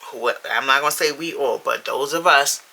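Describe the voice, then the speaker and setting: A woman's voice: rumbling low, moderate pace, vocal fry, pushed and bright, low-quality recording. A woman, talking casually to camera at home in a vlog, chatty and playful, laughing as she goes. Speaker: vlogger. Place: home room with the heat running.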